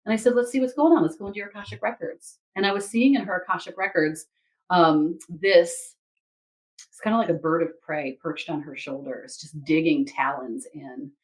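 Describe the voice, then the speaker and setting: A woman who reads Akashic Records, telling a story from a session in a casual, animated way and acting out the people in it. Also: on the low side, moderate pace, rough recording. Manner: animated, quotes others and herself in lively asides.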